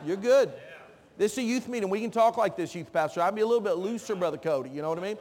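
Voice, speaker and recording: A man's voice: high voice, expressive, fast talker, darkish tone. A man preaching a sermon in a church, joking with the congregation and calling out to them. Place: church sanctuary. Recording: long reverb of a church hall.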